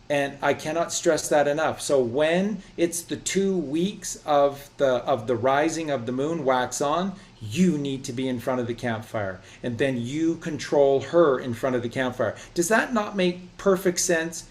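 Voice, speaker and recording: Guy rambling preachy about bible stuff, animated, kinda higher voice. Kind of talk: casual religious discussion.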